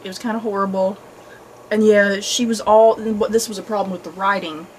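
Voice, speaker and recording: A woman hosting a casual movie review chat, animated and chatty, often laughing. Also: medium pitch, a little fast, a little hiss or hum, low-quality recording. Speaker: host.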